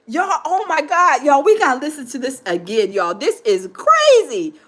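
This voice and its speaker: Woman host, very high and tense, excitable reaction commentary, keeps calling out to the audience. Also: moderate pace. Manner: exclaiming, laughing, addressing viewers as y'all.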